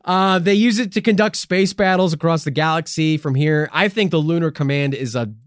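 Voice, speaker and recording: A man's voice: fairly high pitch, fairly quick, no room sound, clean studio sound. A man hosting a casual podcast, telling stories in a joking, profane way. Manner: profane, joking, animated storytelling. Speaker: podcast host. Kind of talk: casual conspiracy podcast chat.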